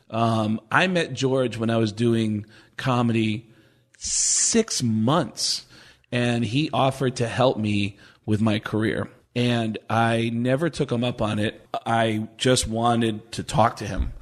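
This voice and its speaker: A man tells stories with lively energy and acts out the voices of other people. His pitch sits in an ordinary middle range. He talks loosely and casually, as a podcast guest. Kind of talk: storytelling in casual conversation.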